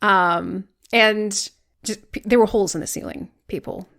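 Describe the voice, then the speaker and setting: A Vermont woman in her thirties co-hosts a podcast, rambling casually, swearing freely and stressing her words emphatically. Her mid-range voice is steady, moderately paced, creaky and a little bright.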